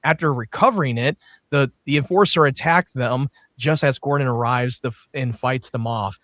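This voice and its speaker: A man's voice: mid-range voice, normal speed, a bit bright, no room sound. A man co-hosting a casual podcast chat, stumbling through an episode recap and swearing in banter. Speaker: podcast co-host.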